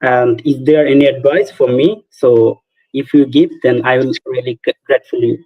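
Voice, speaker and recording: A man's voice: medium pitch, steady tone, breathy edge. Hesitant man from Bangladesh, muffled line. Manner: hesitant, many "uh" pauses. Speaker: test candidate. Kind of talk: hesitant non-native conversation. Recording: muffled lo-fi call audio.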